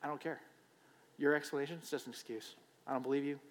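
A cold, unbending boss brushes off every excuse in a flat, dismissive voice, as a preacher puts him on. The words echo through a large hall. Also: male voice, medium pitch, fast, lightly acted. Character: stern unbending male boss. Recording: long hall reverb.

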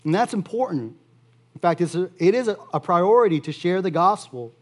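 A man preaching a sermon as pastor, earnest and steady, repeating key phrases for emphasis. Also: high voice, a little fast.

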